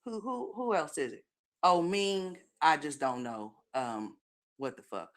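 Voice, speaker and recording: Woman, blunt profane commentary, lower pitch, rambling. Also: measured pace. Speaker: commentary channel host. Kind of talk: casual opinion commentary.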